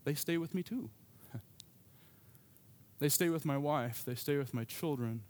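A man's voice: fairly high pitch, measured pace, darkish tone. A pastor preaching a sermon to his congregation, telling a personal story in a conversational way with asides.

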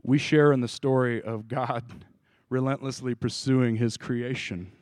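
A man's voice: medium pitch, fairly even intonation, measured pace, darkish tone, no room sound. Casual preacher man quizzing his group. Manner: casual, conversational, asks the group questions, restarts. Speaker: pastor. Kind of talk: informal sermon with questions to the group.

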